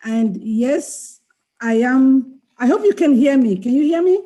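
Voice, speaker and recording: A middle-aged woman from Cameroon reads her poems aloud over a video call. Her voice is high and mellow, and she takes her time over every line. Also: expressive. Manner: slow, deliberate recital with chanted dirge passages. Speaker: invited poet. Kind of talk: poetry reading on a webinar.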